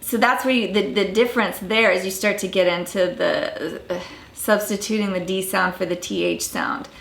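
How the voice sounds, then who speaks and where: A woman's voice: medium pitch, fairly even intonation, moderate pace, gravelly, fairly bright tone, slight background noise. A woman with a Southern American accent, a dialect researcher, gives a casual, informal explanation with blunt asides. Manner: informal, many fillers and restarts, blunt asides. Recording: echoey room.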